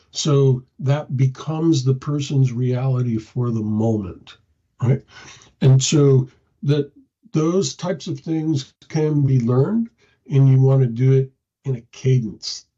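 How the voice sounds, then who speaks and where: Male speaker, unhurried and husky, demonstrating soothing command phrasing. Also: mid-range voice, warm tone. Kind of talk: instructional talk. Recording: dull lo-fi audio.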